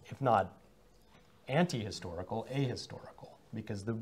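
A man's voice: on the low side, normal speed, slightly rough. A man questioning an author in an academic conversation, pushing back with probing questions. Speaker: interviewer and fellow scholar.

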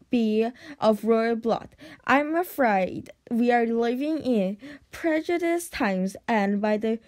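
A woman's voice: on the high side, darkish tone. A woman reading aloud from a storybook, voicing a clever young Viking boy who talks patiently and matter-of-factly.

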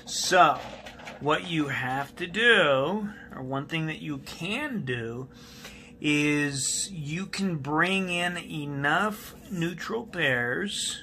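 A man's voice: fairly high pitch, lively intonation, drawn-out words, pushed and bright. A male math teacher giving a recorded classroom lesson, patiently repeating key steps and asking students questions while he writes on a board.

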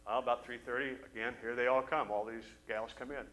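Male pastor, mid-range voice, animated storyteller in a Sunday sermon. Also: mid-range voice, fairly quick, poor audio. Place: church service.

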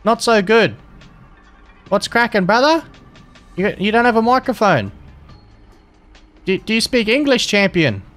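A young man with a high, light voice talks through his game as it happens. He is cheeky and taunting and swears casually. Faint music plays behind him. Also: big pitch swings, a little slow, long pauses, fairly bright tone. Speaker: gaming streamer and server admin. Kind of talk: live gameplay commentary.

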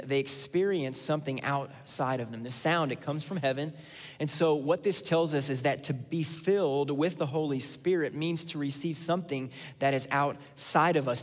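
A man preaching a sermon as pastor, earnest and repeating key lines for emphasis. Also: mid-range voice. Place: church sanctuary. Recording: long church hall reverb.

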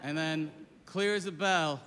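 A male stand-up comedian telling a true story on stage, animated, swearing freely and jumping into character voices. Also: on the high side, measured pace. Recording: reverberant club with clear background noise.

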